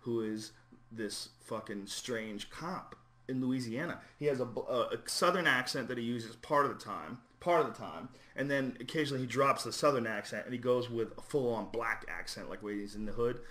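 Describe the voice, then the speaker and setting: A man hosting a podcast, chatting casually, telling stories with lots of swearing and quick mimicry. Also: medium pitch. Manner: animated storyteller, swears freely, mimics people. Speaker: podcast host.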